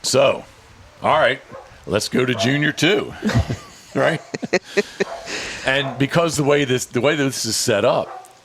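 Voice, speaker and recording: A man's voice: medium pitch, slow pace, long pauses, background noise. A man hosting a casual podcast, telling a story with lots of repeats and restarts and acting out what others said. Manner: animated storyteller, repeats words, frequent restarts; acts out other people's lines in hushed or shifted tones. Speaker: podcast host and dog handler.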